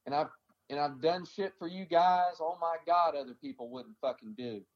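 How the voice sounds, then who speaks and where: A man's voice: a little high, normal speed. Man, army veteran, blunt, profane, rambling storyteller, slightly muffled lo-fi recording. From American South. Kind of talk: casual interview storytelling.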